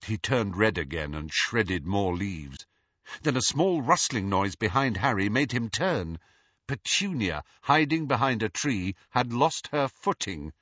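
Husky, expressive male audiobook narrator. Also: fairly low pitch, a little slow, no room sound. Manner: expressive, animated reading. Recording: slightly dull, dry recording.

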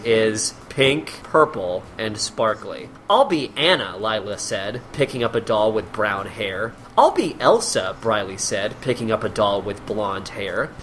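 A man's voice: fairly low pitch, fairly bright tone, a little hiss or hum. A man hosting a comedy podcast, reading a column aloud in a mocking way and laughing often.

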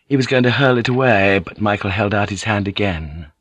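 A man reading an audiobook in a measured, even narration. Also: lowish voice, breathy edge, no room sound. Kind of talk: scripted narration.

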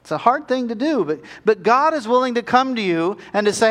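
A man preaching a sermon as a pastor, earnest, climbing to pleading peaks and then dropping soft and slow. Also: high voice, big pitch swings.

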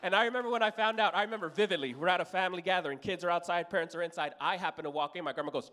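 A man's voice: fairly high pitch, rapid-fire, hardly any pauses, slight background noise. A man in his thirties from Los Angeles telling a profane stand-up story on stage. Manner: profane, storytelling, animated voices for characters. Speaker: stand-up comedian. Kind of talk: stand-up routine. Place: comedy club stage with audience.

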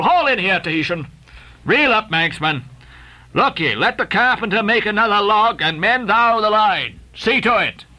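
Brief: man doing a grandiose old whaling captain, commanding and declamatory, lively bright voice. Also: a little high, gravelly, exaggerated voice.

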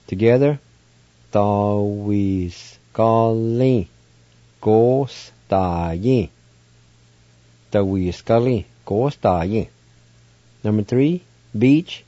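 On a dry, lo-fi recording, a man with a lowish, mellow voice hosts a radio lesson teaching vocabulary. He spells each word letter by letter, then sounds it out syllable by syllable.

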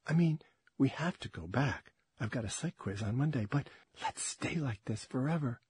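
A man voicing a wistful young woman who speaks quietly and breathily, close to a whisper. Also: medium pitch, lively intonation, moderate pace, breathy edge, no echo. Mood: hushed.

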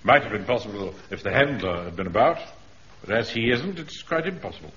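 An actor playing a pompous, self-important middle-aged captain in a radio sitcom, with a blustering, commanding manner. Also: male voice, lowish voice, big pitch swings, a little fast, fairly bright tone. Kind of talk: 1970s radio sitcom acting. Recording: dull old radio recording with faint hiss.

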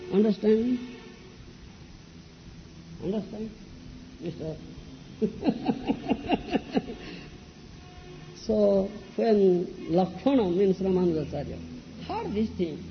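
A man's voice: high voice, sing-song, slow, long pauses, soft background music. A man teaching as a spiritual teacher in a religious discourse, often asking his listeners if they understand. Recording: dull lo-fi echoey hall with faint noise.

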